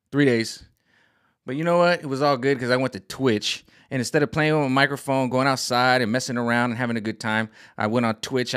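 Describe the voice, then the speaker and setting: A man ranting casually to camera as a vlogger, animated and exasperated. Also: medium pitch, no echo, clean studio sound. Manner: animated, exasperated, jumps into quoted voices. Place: home room set up for streaming.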